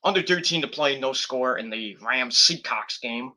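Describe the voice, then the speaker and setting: A man's voice: mid-range voice, moderate pace, bright, forceful tone. A man casually reviewing wrestling on a live stream, rambling and swearing, with lots of fillers and restarts.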